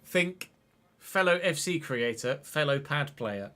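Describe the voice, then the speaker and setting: A man, chatting and commentating excitedly while streaming a football game. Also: fairly high pitch, slow pace. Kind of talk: live gameplay commentary.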